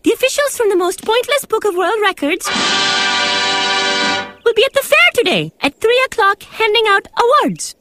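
A woman's voice: very high-pitched, very animated, moderate pace, over music. A woman voicing a nerdy, bookish cartoon boy who talks in precise, pedantic phrasing. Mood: fussy.

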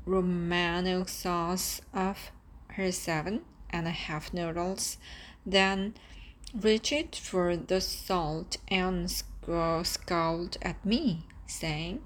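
A woman narrates a first-person story in a calm, steady way. Her voice sits lowish and moves very slowly, with a faint bed of ambience behind it. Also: a little hiss or hum. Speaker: audiobook narrator.

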